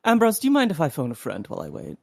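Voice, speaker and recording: Player in character, animated pitch, polite theatrical air, dry close sound. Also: very fast, creaky, breathy edge, no room sound. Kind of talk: in-character tabletop game play.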